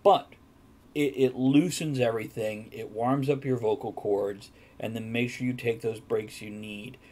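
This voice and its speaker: A man's voice: medium pitch, steady tone, unhurried, dark tone. A man hosting a casual chat, asking questions and giving direct practical advice. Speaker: host.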